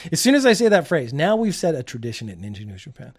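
A man's voice: a little high, huge pitch swings, a little fast, husky. A middle-aged man hosting a comedic news commentary show, delivering stories in a wry, sarcastic way and chuckling at his own jokes.

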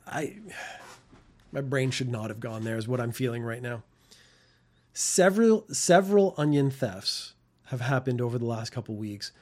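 A man's voice: medium pitch, animated, moderate pace, long pauses, darkish tone. Fifty-something guy riffing on weird news, goes off on tangents and chuckles at himself. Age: 50s. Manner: wry and rambling, laughs at his own tangents. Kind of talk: casual news commentary.

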